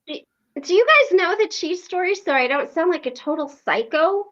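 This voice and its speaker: Lady hosting a meeting on a video call, lively storytelling, kinda muffled lo-fi sound. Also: very high-pitched, normal speed. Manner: animated, acts out quoted lines, frequent fillers. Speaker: recovery meeting host. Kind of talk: casual storytelling.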